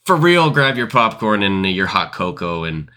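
A young man co-hosting a casual podcast, joking and laughing, then reading a scary story aloud slowly. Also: on the low side, big pitch swings, pushed and bright. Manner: joking, laughs often, slow deliberate reading. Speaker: podcast co-host.

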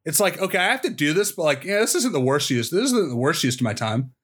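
A man's voice: a little high, big pitch swings, fast, a bit bright, breathy edge. A young man co-hosting a podcast in casual chat, rambling, laughing often and swearing freely. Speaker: podcast co-host.

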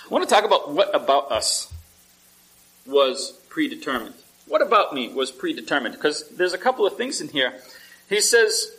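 Guy preaching a sermon, bright slightly high voice, chatty, keeps asking the church questions, trips over repeated words. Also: low-quality recording. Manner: conversational, asks the congregation questions; repeats words when restarting. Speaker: pastor.

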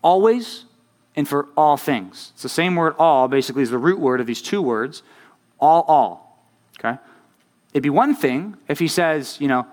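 Speaking at a moderate pace, this young man has an expressive voice on the high side. He's a youth pastor preaching a conversational sermon to a youth group. His habit is asking "right?" over and over to check in with the group.

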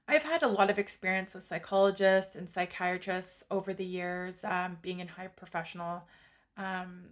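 A woman in her forties telling her own story in a candid, confessional monologue with casual fillers. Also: medium pitch.

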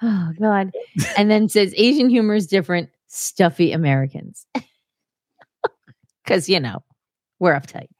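A woman's voice: mid-range voice, unhurried, long pauses, darkish tone, dry recording, studio quality. A woman co-hosting a podcast, laughing often and reading out viewer comments in casual banter. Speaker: podcast co-host.

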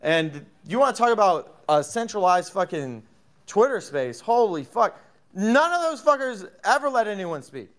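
Brief: male co-host, slightly high pitch, rambling with restarts, casual and profane. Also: big pitch swings, moderate pace, a bit bright. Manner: rambling, restarts a lot, heated about scammers. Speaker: co-host of a live audio room.

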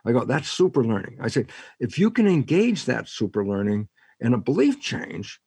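A man's voice: mid-range voice, normal speed, husky, no room sound. An older man, a scientist and author, explaining ideas in an interview and acting out both sides of imagined dialogues. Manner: animated storyteller, acts out both sides of dialogues.

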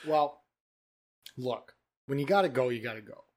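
A man co-hosting a casual podcast, joking crudely and riffing into loud mock sales pitches. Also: lively intonation, normal speed. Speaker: podcast co-host. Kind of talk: casual chat.

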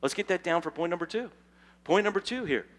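A man preaching a sermon as pastor, dropping to hushed asides and then building to loud, emphatic stretches. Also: high-pitched, expressive, fast. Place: church sanctuary.

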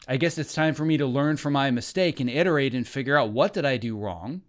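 A man's voice: medium pitch, lively intonation, moderate pace. A man speaking as a podcast guest, talking in an earnest, emphatic way like a motivational coach. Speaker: guest, film editor and coach. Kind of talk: podcast conversation.

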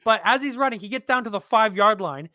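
High bright-voiced man talking sports. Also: fast, no room sound. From Canada. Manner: animated, blunt, swears freely. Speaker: podcast co-host. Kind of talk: casual sports chat.

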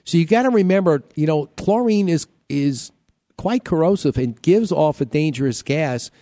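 A man's voice: on the high side, lively intonation, normal speed, mellow, no echo, clean studio sound. A man hosting a home-repair radio show, talking casually, repeating himself and cracking jokes. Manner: chatty, repeats himself, joking.

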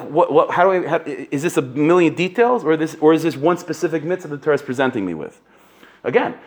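A man giving a casual Torah class, animated and full of restarts, sprinkling in Hebrew and Yiddish terms. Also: fairly high pitch. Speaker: Torah teacher.

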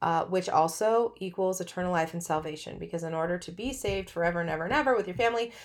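A woman's voice: fairly low pitch, fast talker. A middle-aged woman hosting a podcast, telling her own story in a candid, chatty way and often laughing mid-sentence. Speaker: podcast host. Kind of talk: personal storytelling monologue.

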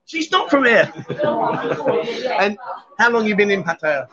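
A fairly high-voiced man hosts a joking live stream, teasing guests and reading out comments. He talks from a busy bar on a muffled lo-fi mic. A loud crowd chatters behind him. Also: sing-song, takes it slowly. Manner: jokey, teasing, reads out viewer comments. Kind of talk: casual live-stream chat.

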